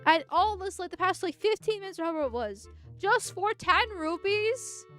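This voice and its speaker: A high-pitched woman streamer gives live commentary over a game, quick to anger and full of swearing. She rambles, stumbles over restarts and bursts into heated rants, with faint music playing behind her. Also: animated, fairly bright tone. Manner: ranting, profane, quick to anger. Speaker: vtuber streamer.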